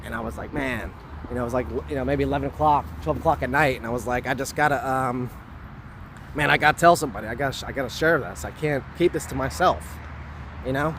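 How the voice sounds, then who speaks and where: A man telling a personal story to camera outdoors, rambling and earnest, filling every pause with "you know" and "like" and hurrying to finish. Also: mid-range voice, fairly bright tone, slight background noise. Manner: hurried, wanting to finish quickly. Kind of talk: casual spoken recollection.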